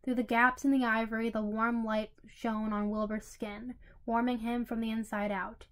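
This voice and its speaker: A woman reading a fanfiction story aloud in a fairly high voice. Her narration is even, with small slips that she corrects as she goes. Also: normal speed. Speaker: story reader.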